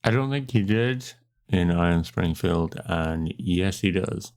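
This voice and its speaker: A man's voice: sits low, slow pace, a little mellow. A Scottish man co-hosting a podcast, laid-back and a bit sweary in casual chat. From Scotland. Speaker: podcast co-host.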